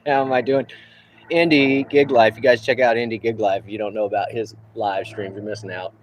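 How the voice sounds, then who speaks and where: A man's voice: fairly low pitch, steady tone, fairly quick, a little hiss or hum. A man in his fifties from New Orleans, chatting casually on a livestream while taking a break outdoors on a roof, rambling and easygoing with chuckling asides. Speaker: livestreamer and roofer.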